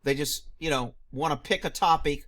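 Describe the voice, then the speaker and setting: A man reacting to a news clip, firing off rhetorical questions, answering them himself and shouting mocking asides. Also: a little high, moderate pace. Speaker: video commentator; former police officer.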